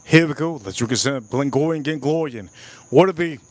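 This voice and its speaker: A man's voice: a little high, animated, moderate pace, no room sound. A man hosting a live stream, reviewing whiskey and cooking, enthusiastic, repeating phrases and talking to his chat. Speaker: livestream host.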